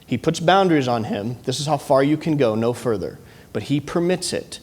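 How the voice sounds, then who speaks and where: A man's voice: medium pitch, expressive, moderate pace, darkish tone. A man with a Midwestern American accent preaching a sermon as pastor, in an earnest teaching tone with frequent restarts. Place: church sanctuary. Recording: long church hall reverb.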